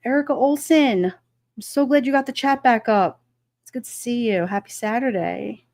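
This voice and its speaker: A woman's voice: fairly high pitch, moderate pace, a little mellow, no echo. Chatty laughing woman, dry close sound. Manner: chatty, laughs often, rambling with many fillers. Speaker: livestream host. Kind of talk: casual live-stream chat reading comments.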